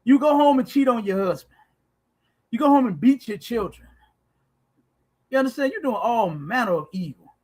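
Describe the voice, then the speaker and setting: A man's voice: extremely high pitch, lively intonation, moderate pace, pauses often, a little mellow. A man hosting a podcast, preaching emphatically with profanity and repeated "you understand?". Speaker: podcast host.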